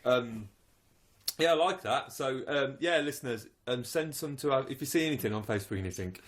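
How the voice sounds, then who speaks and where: A man's voice: medium pitch, expressive, brisk. A man co-hosting a comedy podcast, telling loose, rambling stories packed with "like" fillers. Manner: rambling storyteller, heavy on "like" fillers. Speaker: podcast co-host. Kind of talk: casual comedy chat.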